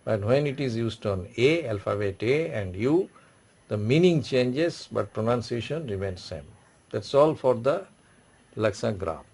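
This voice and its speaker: A male teacher walks through French marks in that is not his tongue, sounding words out and repeating them. His voice sits at an ordinary middle pitch, and he explains in a patient classroom manner. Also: expressive, darkish tone, breathy edge. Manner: repeats words slowly, explaining in non-native English. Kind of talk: classroom lesson.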